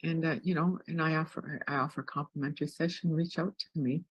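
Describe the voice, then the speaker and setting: Upbeat wellness guest with a husky voice. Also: medium pitch, fairly even intonation, a little fast, no echo, low-quality recording. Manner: upbeat, jokey, restarts words. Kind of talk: interview.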